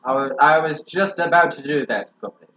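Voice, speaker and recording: A man giggles through a game, now and then slipping into a put-on accent and calling his partner comrade. His voice sits fairly high and sounds roomy. The recording is dull and lo-fi, with a faint hiss. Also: brisk, fairly bright tone. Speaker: let's play co-host. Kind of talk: joking gameplay commentary.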